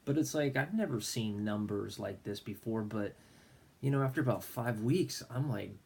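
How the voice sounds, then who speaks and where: A man's voice: fairly low pitch, animated, normal speed, creaky, a little mellow, slightly rough. A middle-aged man, a minister, earnestly telling a personal faith story and acting out his own prayers. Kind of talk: personal faith testimony vlog.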